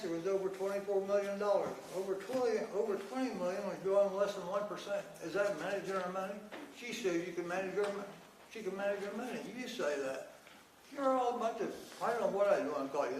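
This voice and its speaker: A man giving a blunt, confrontational public comment at a county board meeting. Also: sits high. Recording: echoey room, distant mic, faint noise.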